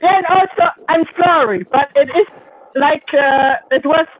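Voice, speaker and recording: A man's voice: very high voice, measured pace, no room sound. A man from Germany, chatting hesitantly on a live stream with many fillers. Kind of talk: casual live-stream chat. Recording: thin phone-like call audio.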